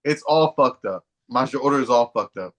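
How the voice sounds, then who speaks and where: A man's voice: mid-range voice, animated, brisk, a bit bright. A man co-hosting a podcast, telling long, slangy, profane anecdotes in casual chat. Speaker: podcast co-host.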